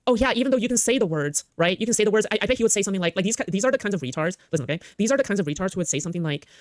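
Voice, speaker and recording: Guy ranting fast n defensive, dry close sound, keeps saying okay. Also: sits high, animated, dry recording. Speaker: streamer in clips. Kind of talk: heated ranting.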